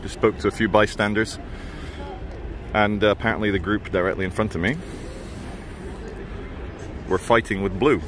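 A man's voice: fairly low pitch, fairly even intonation, normal speed, pauses often. Man, handheld phone vlog, wry asides, defiant when challenged, outdoor street, faint background noise. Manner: wry muttered asides, then loud and defiant in argument. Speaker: vlogger filming in public. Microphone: handheld phone camera.

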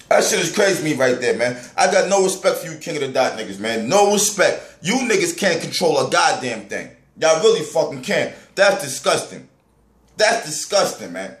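A man rants with raw anger, his voice pitched high and swinging widely as he scolds. The sound is echoey, as if recorded in a bare room. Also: very animated, normal speed, a bit bright. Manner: angry, profane, heated ranting. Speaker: battle rap commentator. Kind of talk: ranting vlog.

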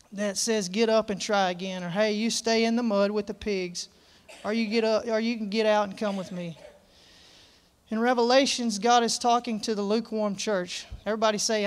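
Man, high voice, smooth and resonant, folksy earnest sermon. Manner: folksy, earnest, reads scripture aloud with emphasis. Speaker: preacher. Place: church service.

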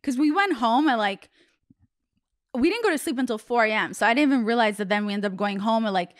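Brief: young woman podcast host, high-ish smooth voice, dry close sound, rambling casual storyteller. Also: animated, fast. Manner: rambling storytelling, heavy "like" fillers. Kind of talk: casual chat.

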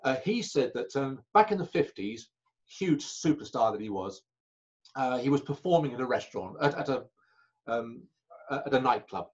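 Man, storytelling guest, halting, self-correcting, dull lo-fi call audio. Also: medium pitch, expressive. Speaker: magician guest. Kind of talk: anecdotal interview chat.

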